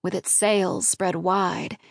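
A woman narrating an audiobook in a measured, even reading. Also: on the low side, creaky, no echo, clean studio sound. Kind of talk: scripted narration.

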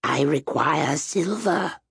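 A man voicing a fearful old crone witch who croaks out prophecies with a dry throat, slow and halting. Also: fairly high pitch, animated, a bit bright, dry recording, pitched above the performer's own voice, heavily acted. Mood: weary.

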